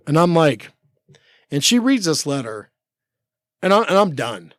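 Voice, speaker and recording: This forties-aged American man sits in the studio as a podcast guest, chatting casually and telling stories in a rambling way with frequent restarts and "like"s. His voice is on the high side, with lively intonation at normal speed. The studio mic recording has no echo.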